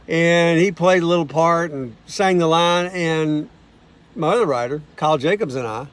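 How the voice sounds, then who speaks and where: A man's voice: on the high side, normal speed, smooth. Folksy man telling songwriting stories. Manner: folksy, acts out quoted voices. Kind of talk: casual storytelling monologue.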